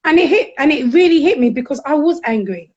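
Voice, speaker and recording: Middle-aged woman, high voice, frank storytelling, slightly muffled lo-fi sound. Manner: animated, frank, quick to act out quotes. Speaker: guest counsellor. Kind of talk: candid conversational storytelling.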